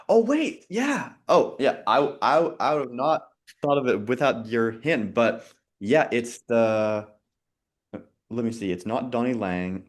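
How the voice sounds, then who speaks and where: A man on a video call in a casual quiz chat, thinking aloud, muttering softly while he recalls answers and laughing often. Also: mid-range voice, animated, unhurried. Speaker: quiz co-host.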